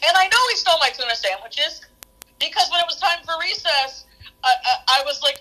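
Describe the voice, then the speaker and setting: A young woman streamer chatting casually, telling a story in an animated way and acting out the quotes. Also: high-pitched, a little fast, low-quality recording. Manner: animated, laughing, acts out quotes.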